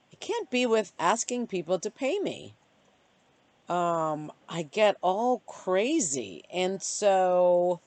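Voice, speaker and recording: A woman vlogging casually to camera, reflecting out loud in a halting, searching way with many pauses and fillers. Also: on the low side, dry recording. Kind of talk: casual self-reflective vlog. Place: bright outdoor spot.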